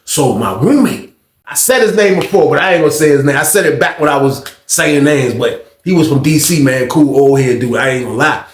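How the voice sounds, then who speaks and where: A man with a high voice rattles through a casual story, full of slang, and acts out everyone he talks about. He talks fast and the room around him echoes. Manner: animated, slangy, acts out the other people in his story. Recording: roomy echo.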